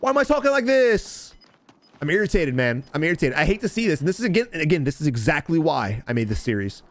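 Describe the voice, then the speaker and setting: A man coaching viewers over game footage, deliberately dramatic and emphatic, talking straight to his audience. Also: fairly high pitch, animated. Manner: addresses viewers and chat directly. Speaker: gaming coach commentator. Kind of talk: gameplay commentary and tips.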